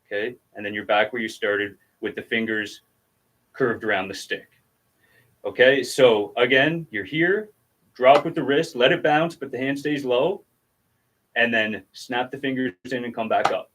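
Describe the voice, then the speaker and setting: A man's voice: mid-range voice, fairly even intonation, moderate pace, fairly bright tone. A man giving a casual drum lesson on a livestream, patiently explaining technique and counting out strokes as he demonstrates. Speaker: drum teacher.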